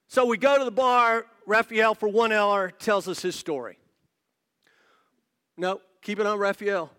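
A male pastor preaching a sermon to his church congregation, telling a story with lively asides to the listeners. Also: high-pitched, smooth. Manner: animated storytelling with quick asides to the audience. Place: church service before a congregation.

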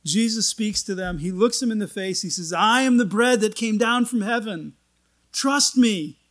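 A man's voice: high-pitched, normal speed, fairly bright tone. A man preaching a sermon, reading scripture aloud and explaining it in a conversational way with folksy, joking asides. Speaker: pastor.

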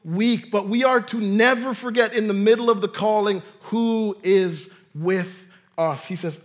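A man's voice: sits high, normal speed. A man pastor preaching a sermon in a conversational way, with self-deprecating humor.

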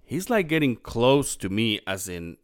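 A man's voice: medium pitch, measured pace, clean tone. A middle-aged man in casual chat, telling a story with acted-out quotes and a lot of swearing. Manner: animated, acts out quotes, swears freely. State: clearing his throat, morning voice. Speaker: podcast co-host.

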